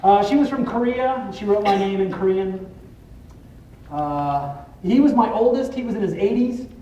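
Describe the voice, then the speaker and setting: A man's voice: high-pitched, animated, warm tone, muffled recording. Guy doing a laid-back talk at a conference, swears a lot, lots of uhs, echoey hall, mic kinda far. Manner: loose and profane, many filler pauses. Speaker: designer presenting at a conference. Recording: roomy hall, distant mic, faint noise.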